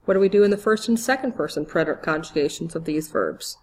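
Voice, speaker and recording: A woman's voice: sits low, fast talker, darkish tone. A woman teaching a grammar lesson, speaking patiently, spelling out letters and quizzing the listener. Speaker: Spanish teacher. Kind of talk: slow, clear grammar lesson.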